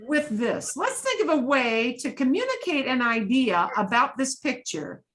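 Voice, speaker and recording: Slow, animated woman teaching Spanish. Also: sits high. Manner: switches between Spanish and English, patient and explanatory. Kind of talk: online language lesson.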